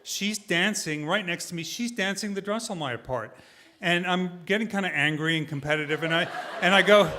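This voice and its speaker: A man telling a personal story live on stage, animated and self-deprecating, often laughing as he talks. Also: fairly high pitch, normal speed, slight background noise.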